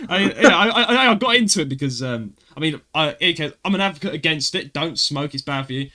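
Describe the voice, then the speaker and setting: A man with a London accent hosting a casual chat, an animated storyteller who laughs often and acts out bits of dialogue. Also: on the high side, a little fast, hardly any pauses. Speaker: podcast host.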